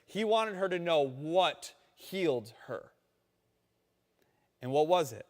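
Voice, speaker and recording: A man preaching a sermon in a conversational, animated storytelling manner, acting out quotes along the way. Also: on the high side, slow pace, big-room sound. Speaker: pastor.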